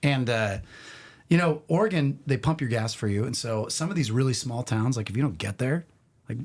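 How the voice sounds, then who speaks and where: A middle-aged man, a podcast guest, telling casual stories in an animated, rambling way full of restarts. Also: medium pitch, normal speed. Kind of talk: casual storytelling.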